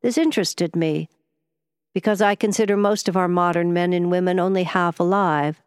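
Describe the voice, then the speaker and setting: A woman voicing an ailing, dispirited gentleman in an audiobook, speaking in a low, meditative, subdued way. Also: moderate pace, clear, resonant tone, no room sound, clean studio sound, natural voice. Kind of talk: audiobook character voice.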